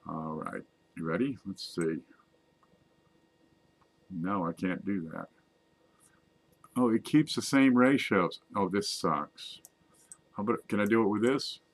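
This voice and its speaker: Brief: low-pitched man, relaxed hobby host, chatty and joking at himself. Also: takes it slowly, vocal fry, pauses often. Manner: chatty, self-mocking, talks to viewers while zooming in on images. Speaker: coin collecting video host. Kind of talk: casual screen-share show-and-tell.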